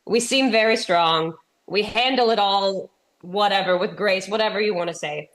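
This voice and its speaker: A woman's voice: mid-range voice, moderate pace, fairly bright tone. A woman in her thirties from Texas, a comedian giving a keynote talk as a chatty, self-deprecating storyteller while getting over a sinus infection. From Texas, USA. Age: 30s. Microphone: remote presentation.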